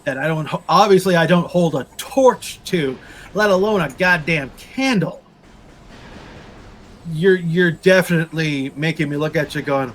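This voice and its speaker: A male game streamer talks in a sarcastic, crude, rambling rant. His voice sits a bit high for a man. A faint hiss sits under the recording. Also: moderate pace, a bit bright, poor audio. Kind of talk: casual chat while gaming.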